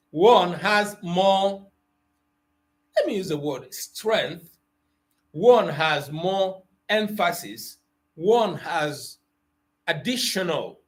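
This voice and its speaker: Igbo-accented male tutor, leisurely delivery, patient explainer. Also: high-pitched. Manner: explains slowly, switching between Igbo and English, quizzing students. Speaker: Igbo language teacher. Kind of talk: online language class.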